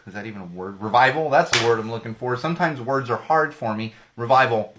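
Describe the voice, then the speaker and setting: A man's voice: medium pitch, lively intonation, fast, background noise. A man hosting a casual solo podcast, rambling and joking with frequent restarts and self-corrections, his voice a little worn. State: slightly losing his voice. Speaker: podcast host.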